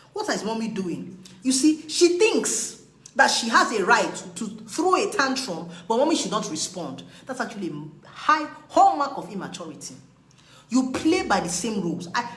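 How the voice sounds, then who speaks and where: Emphatic woman lecturing, lively pitch. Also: reverberant, rough recording. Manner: emphatic, preachy, scolding. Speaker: relationship speaker. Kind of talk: live video talk on marriage.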